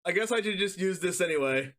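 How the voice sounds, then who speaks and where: A male game streamer giving excited live commentary on his own play, full of yelps and shouts. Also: high voice, fast talker.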